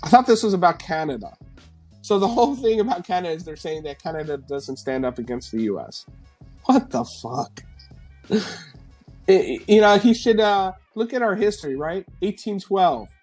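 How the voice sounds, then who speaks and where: A man from New York hosts a casual live stream from home, reading news headlines. He tears into them with sarcastic, swearing commentary and keeps breaking into laughter. Faint music plays quietly behind him. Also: high-pitched, lively intonation, a little fast.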